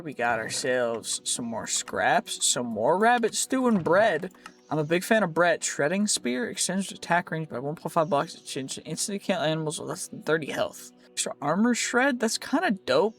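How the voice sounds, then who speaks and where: A man with a high voice rambles cheerfully through casual gameplay commentary, tripping over his words and cracking jokes. Faint music plays underneath him. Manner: chatty, rambling, restarts often, playful jokes. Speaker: gaming video creator.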